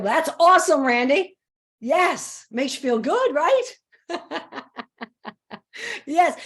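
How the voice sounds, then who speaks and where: Upbeat woman motivational speaker. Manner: energetic, playful, acts out her own self-talk; lowers her voice for a mantra. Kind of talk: live online talk on stress.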